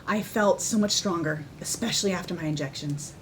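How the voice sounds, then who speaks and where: A woman talking casually to the camera, excitable and candid, often laughing as she tells her story. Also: lowish voice, a little fast, a little hiss or hum. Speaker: vlogger sharing her personal story.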